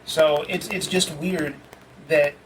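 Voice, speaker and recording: A man's voice: a little high, steady tone, slow. A man from New York hosting a podcast, talking candidly and casually, swearing now and then. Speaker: podcast host. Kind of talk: casual conversation. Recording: distant mic with noise.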